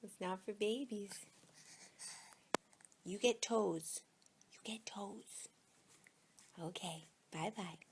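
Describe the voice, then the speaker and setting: A woman in her thirties talking to her baby in slow, sing-song baby talk, half-whispered at times, at home during a diaper change. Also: mid-range voice, steady tone, gravelly, a little hiss or hum.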